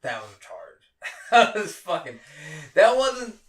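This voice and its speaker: Young man, podcast co-host, lively swinging voice, heavy swearing, distant echoey mic. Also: sits high, unhurried. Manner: animated storytelling, heavy swearing, laughs often. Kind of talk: casual chat. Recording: roomy, off-mic echo.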